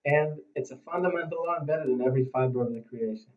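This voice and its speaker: A man's voice: on the high side, fast. A man teaching an informal religious lesson as a rabbi, telling stories and repeating phrases for emphasis. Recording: dull, muffled recording.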